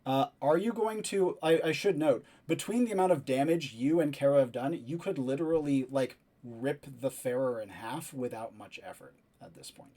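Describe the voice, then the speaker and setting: A man's voice: mid-range voice, moderate pace, hardly any pauses, warm tone. A man narrating a tabletop role-playing game as game master, describing the action with many fillers.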